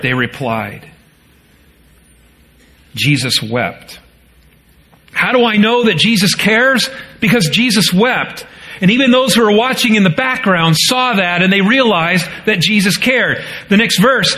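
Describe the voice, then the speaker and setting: An animated but unhurried sermon from a pastor, who rises into pleading quotes and goes quiet and low for the weightier passages.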